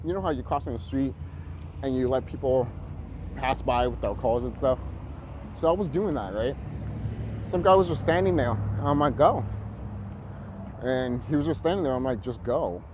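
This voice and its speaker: A man's voice: mid-range voice, noisy background. A man vlogging a rambling, confrontational rant, swearing often and full of fillers.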